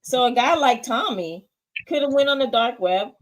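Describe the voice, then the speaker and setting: A woman co-hosting a casual TV review chat, chiming in with quick agreement and mild exasperation. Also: fairly high pitch, expressive, low-quality recording. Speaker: co-host of a TV review show.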